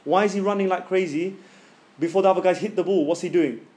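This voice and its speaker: In a joking, casual tajweed class, the male teacher loudly and slowly stretches out sounds for demonstration. He speaks in a high voice.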